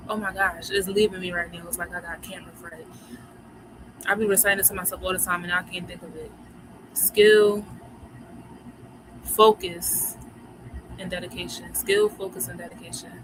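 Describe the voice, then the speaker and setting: A woman's voice: on the low side, little pitch movement, quick pace. A woman from Philadelphia with a Philly accent, hosting a livestream in a chatty, slangy way, talking straight to her viewers about moon phases. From Philadelphia, USA. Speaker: livestream host. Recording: clear background noise.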